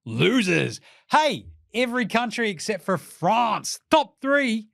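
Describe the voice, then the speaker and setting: A man's voice: sits high, big pitch swings, takes it slowly, creaky, fairly bright tone, no room sound, clean studio sound. A man with an Australian accent hosting a casual basketball commentary show. He talks in a jokey, profane way and mocks teams in put-on voices. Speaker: basketball podcast host.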